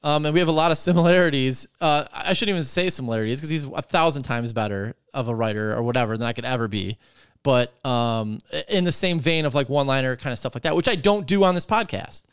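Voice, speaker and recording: He's a podcast host talking fast in a smooth mid-range voice, ranting casually with constant swearing and filler words in a rambling, animated manner. The audio is clean studio sound with no echo.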